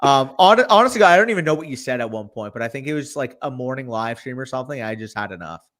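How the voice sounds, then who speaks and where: A young man co-hosting a fantasy football livestream, excitable and profane, laughing often and talking in quick bursts. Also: medium pitch. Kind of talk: casual livestream chat.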